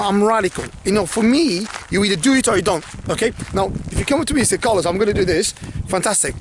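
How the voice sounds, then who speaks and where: A man coaching in a blunt, animated motivational talk to camera, swearing freely and acting out people's worried thoughts. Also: sits high, slight background noise. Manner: mimics others' worried thoughts in asides. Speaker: life coach.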